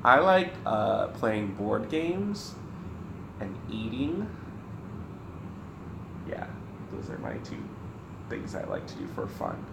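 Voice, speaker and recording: A man from the American South co-hosting a casual Q&A vlog, rambling and animated with lots of filler words. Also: fairly low pitch, slow, gravelly, long pauses, reverberant, very noisy. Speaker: co-host. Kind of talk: casual Q&A chat.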